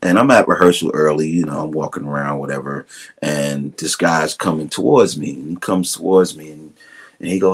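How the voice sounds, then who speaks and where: A man's voice: extremely low pitch, fairly quick, slightly rough. A middle-aged man with a Brooklyn accent, a drummer telling stories as a guest, acting out quotes and laughing often. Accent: Brooklyn New York. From Brooklyn, New York. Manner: relaxed storyteller, acts out quotes, laughs often. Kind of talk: casual storytelling interview.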